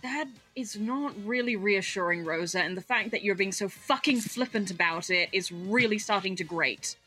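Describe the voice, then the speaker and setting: A woman's voice: mid-range voice, moderate pace, sharp tone, husky, faint music behind. A woman voicing a weary, exasperated male adventurer in a tabletop game, speaking in a pleading, exasperated manner.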